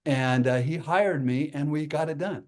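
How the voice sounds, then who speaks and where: Animated storytelling man. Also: fairly high pitch, normal speed. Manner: excitable, acts out voices in his anecdotes. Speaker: guest speaker.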